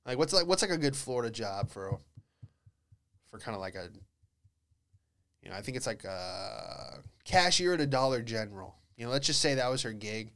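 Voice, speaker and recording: A man's voice: mid-range voice, sing-song, moderate pace, pauses often, a bit bright, clean tone. A young man hosting a podcast, telling rambling comedic stories in a laid-back way and acting out voices. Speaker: podcast host. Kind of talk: casual comedic monologue.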